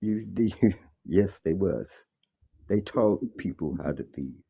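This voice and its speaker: Deep, dark-voiced man in his sixties from Chicago. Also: lively intonation, slow, vocal fry, slightly rough. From Chicago, Illinois. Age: 60s. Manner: preachy, insistent, repeats "let me tell you". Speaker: caller. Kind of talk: call-in talk on a livestream. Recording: dull lo-fi call audio.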